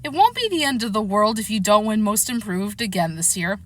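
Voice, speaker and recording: A woman's voice: mid-range voice, animated, fairly quick, a little hiss or hum, lightly acted. A woman reading a storybook aloud, voicing a baffled father who scolds his son in disbelief. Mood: soothing. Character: baffled, indignant father of a boy.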